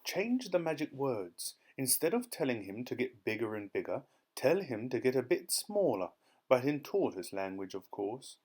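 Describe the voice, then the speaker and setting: A man voicing a shy, lovestruck older gentleman neighbour who speaks in a gentle, coaxing way. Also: mid-range voice, sing-song, normal speed.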